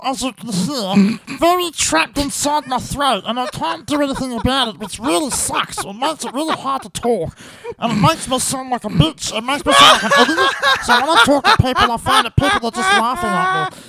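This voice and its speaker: A man voicing a former narrator with a squeaky, strange voice from a trapped spit bubble. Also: very animated, normal speed, vocal fry, sharp tone, heavily acted, poor audio. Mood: whiny. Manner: whiny, then ranting angrily.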